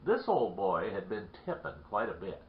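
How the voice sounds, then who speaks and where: A man's voice: low-pitched, sing-song, normal speed, a little hiss or hum. A man telling a folksy story from his boyhood in a rambling, repeating way. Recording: roomy lo-fi recording.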